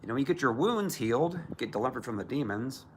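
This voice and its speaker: A man's voice: medium pitch, lively intonation, fast talker, a little hiss or hum. A man preaching as a Christian minister, emphatic and often mocking others in put-on voices. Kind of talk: preaching to camera.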